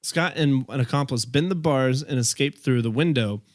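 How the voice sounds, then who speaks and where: Guy telling a story on a podcast, relaxed and loose, middle pitch, dry close mic. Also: moderate pace, no room sound. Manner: loose, laughing, loses his place.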